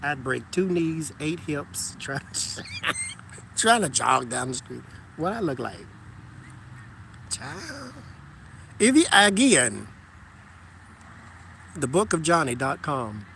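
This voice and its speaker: A man casually chatting with his viewers while walking outside, animated and joking, talking to them as "y'all". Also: medium pitch, a little slow, gravelly, a little hiss or hum. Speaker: tarot reader chatting with live viewers.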